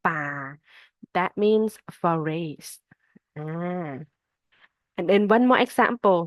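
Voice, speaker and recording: Speaking in a mid-range voice with a Thai accent, a woman who is a native Thai speaker explains a self-paced online Thai lesson slowly and patiently, breaking words into syllables one at a time. The sound is lo-fi but has no echo.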